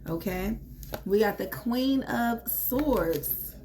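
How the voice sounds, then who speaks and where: Speaking very slowly in a slightly high voice with lively intonation, this woman does a casual tarot reading over background noise. Her delivery is an emphatic pep talk, blunt and full of swearing as she pushes her listeners forward.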